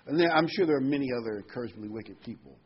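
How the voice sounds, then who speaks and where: A man's voice: mid-range voice, expressive, rapid-fire, dull audio. A man preaching a sermon verse by verse in a folksy, conversational way.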